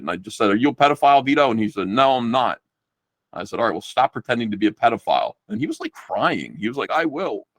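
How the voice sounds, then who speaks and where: A middle-aged man chatting casually as a guest on a livestream, telling stories in a rambling, profane, animated way. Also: on the low side, no room sound, studio quality. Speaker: guest comic book artist.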